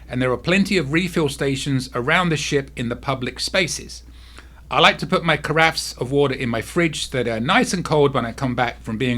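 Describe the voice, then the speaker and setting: A man hosting a casual cruise vlog at home, talking softly because his face is sore, with frequent asides to a restless cat. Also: mid-range voice. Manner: talks softly, easily distracted by a restless cat.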